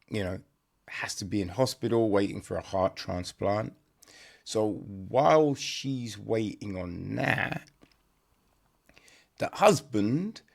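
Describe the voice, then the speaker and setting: Gravelly, unhurried male podcast reviewer. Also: lowish voice. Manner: rambling, conversational, peppered with "right?" and "you know"; blunt, swears for emphasis. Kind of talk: casual podcast chat.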